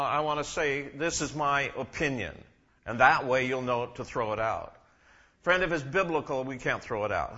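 A man preaching a sermon to a congregation, often asking them questions and shifting between loud emphasis and quiet asides. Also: a little high, dull audio. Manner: asks the congregation questions, rises and drops in volume.

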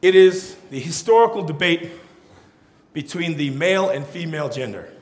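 A man preaching a humorous sermon as pastor, with animated, joking storytelling. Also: a little high, moderate pace, reverberant.

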